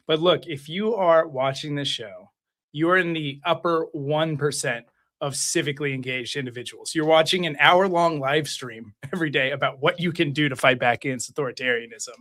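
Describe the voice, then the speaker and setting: A man's voice: fairly high pitch, moderate pace, fairly bright tone. A man co-hosting a live stream over a video call, giving an earnest, encouraging pep talk to viewers. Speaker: co-host and co-founder. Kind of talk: casual live-stream chat.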